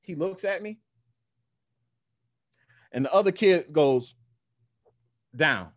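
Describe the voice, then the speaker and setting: A man telling a story in a casual, animated way, acting out other voices and using slang and swearing. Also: a little high, slow pace, dry recording. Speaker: guest powerlifter.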